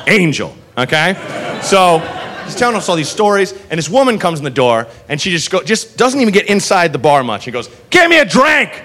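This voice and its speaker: A man doing stand-up, telling a long story with swearing and quick acted-out voices for the people in it. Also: fairly high pitch. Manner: animated, swearing, acts out characters in quick voices. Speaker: stand-up comedian. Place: comedy club stage. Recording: live room with faint crowd and noise.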